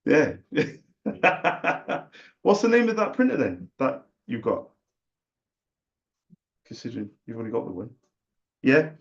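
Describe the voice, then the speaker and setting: A man's voice: mid-range voice, wildly swooping pitch, slow pace, gravelly, pauses often, husky, lo-fi sound. A man making a friendly cold sales call, chatty and jokey, making fun of himself. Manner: chatty, jokey and self-deprecating.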